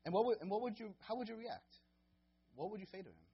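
A young guest preacher gives a casual sermon full of fillers and restarts, growing loud and high when he acts out scenes. His delivery is sing-song, fast and slightly rough, with lo-fi sound.

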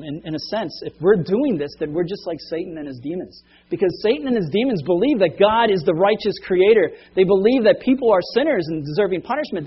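A man with a fairly high, husky voice preaches a sermon in an easy, conversational way, acting out the people in his stories. The sound is dull and lo-fi. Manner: conversational, acts out quoted voices, laughs at himself. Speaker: pastor. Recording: dull lo-fi recording.

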